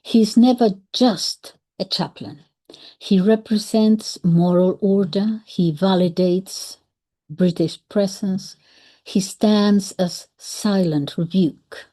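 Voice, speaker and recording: A woman giving measured, analytical commentary on a historical book, with occasional soft whispered asides. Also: medium pitch. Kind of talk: reflective commentary.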